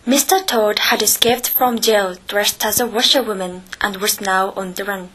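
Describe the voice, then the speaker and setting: A woman narrating a children's story in an expressive, gently paced voice. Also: medium pitch, normal speed, slightly rough, rough recording.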